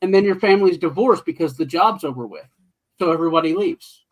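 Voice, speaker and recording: A man in a relaxed podcast chat, telling anecdotes from his trade in an easygoing, conversational way. His voice sits a bit above the usual male range. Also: a little high, fast, poor audio. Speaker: podcast guest, millwright. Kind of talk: casual storytelling chat.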